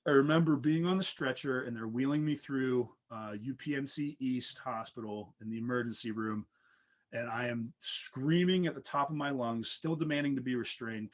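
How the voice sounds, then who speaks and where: A young adult man casually telling a long personal story, rambling with many fillers. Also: medium pitch.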